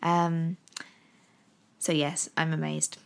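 A woman's voice: low voice, monotone, slow pace, creaky. A woman in her thirties with an English accent, chatting casually and rambling with frequent ums as she talks to her viewers. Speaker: vlogger. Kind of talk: casual chat.

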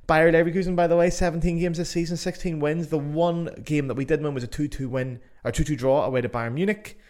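A man's voice: fairly high pitch, steady tone, quick pace, a little mellow. An Irish man hosting his own podcast in casual, chatty talk, jokey and sprinkled with swearing. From Ireland. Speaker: podcast host. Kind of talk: casual solo podcast chat. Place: home in Germany.

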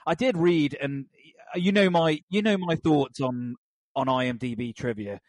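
A man's voice: fairly high pitch, measured pace, darkish tone, no room sound. A man co-hosting a casual film podcast, rambling and wry, with many restarts. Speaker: podcast co-host.

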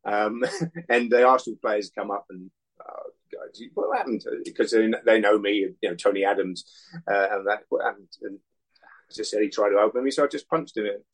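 Former pro footballer in his sixties, interview guest, lowish voice, loose anecdotal storyteller. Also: a little fast, low-quality recording. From England. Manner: rambling anecdotes, acts out other people's lines.

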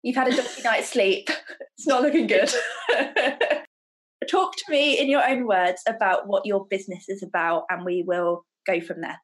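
A woman's voice: medium pitch, normal speed, few pauses. A woman podcast host with a slight lisp, chatting casually and enthusiastically over a video call. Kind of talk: casual interview chat.

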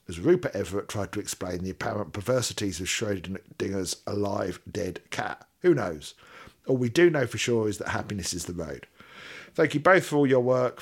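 A man's voice: low voice, breathy edge. Man reading a letter aloud. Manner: reads steadily, adding wry asides. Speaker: podcast co-host.

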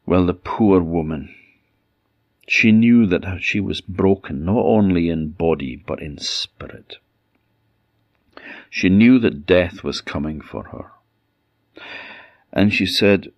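Male folk-tale narrator, slow and solemn, dry close sound. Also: sits low, no room sound. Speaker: storyteller.

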